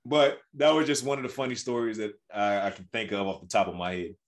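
A man's voice: lowish voice, quick pace. Man telling a story, acting out voices. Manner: animated storytelling, acts out dialogue. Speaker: podcast co-host. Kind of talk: casual chat.

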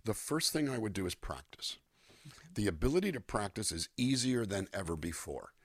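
A low-voiced older man chats as an interview guest, his pitch rising and falling a lot as he acts out lines. His voice is a little husky, and the sound is dry and close to the mic. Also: moderate pace, no echo. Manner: animated, demonstrates voices and melodies mid-sentence. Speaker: singer-songwriter guest. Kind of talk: relaxed interview conversation. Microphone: USB microphone.

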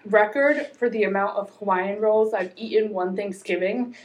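A woman's voice: medium pitch, steady tone, moderate pace, lo-fi sound. A young woman co-hosting a casual chat, telling stories about herself in a chatty, self-mocking way. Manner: chatty, self-deprecating storyteller. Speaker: co-host.

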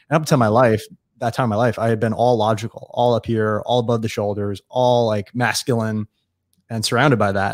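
A man from New York State, a guest in a casual interview, telling stories quickly and acting out what people said. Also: lowish voice, no room sound, clean studio sound. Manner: fast, animated storyteller acting out dialogue.

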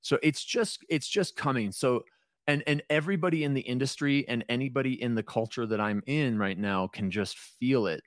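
A man's voice: medium pitch, moderate pace, dry recording. Rambling, self-deprecating male podcast guest, a bit stoned, dry close mic. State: a little stoned. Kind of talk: casual podcast chat.

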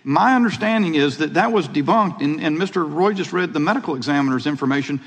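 Challenging man, husky, in an echoey hearing room. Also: on the high side, animated, fast. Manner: challenging, questioning. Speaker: congressman. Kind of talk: committee hearing debate.

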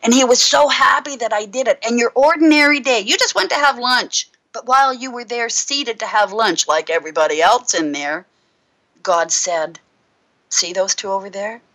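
A middle-aged woman minister, a guest on a talk show, sharing a personal testimony in a casual, lively storytelling way. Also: a little high, normal speed, low-quality recording. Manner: lively storyteller who acts out her own past thoughts.

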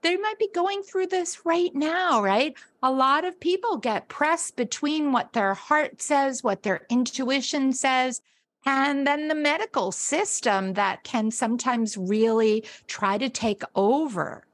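A woman's voice: sits high, expressive, slow. A woman hosting a podcast interview, affectionate and encouraging toward her guest. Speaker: podcast host. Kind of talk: casual interview.

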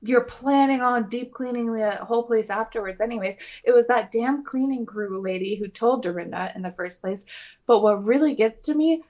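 A woman's voice: on the high side, moderate pace, darkish tone. A young woman co-hosting a podcast, recapping a reality show in a chatty, opinionated way and swearing freely. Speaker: podcast co-host. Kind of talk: casual recap chat.

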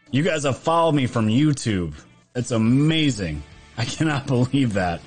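A man hosting a livestream, casually chatting and thanking viewers for donations with upbeat energy. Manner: upbeat, thanks viewers quickly, lively pitch jumps. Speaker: livestream host.

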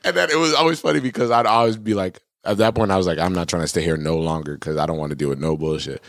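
Low-voiced laid-back young man. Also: fast talker, gravelly, dry recording, studio quality. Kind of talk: casual chat.

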